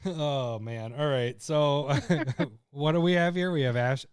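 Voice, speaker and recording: Laughing, joking man with a smooth voice. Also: a little high, measured pace, no room sound, studio quality. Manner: laughs often, rambling and joking. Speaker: podcast co-host. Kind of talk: casual chat.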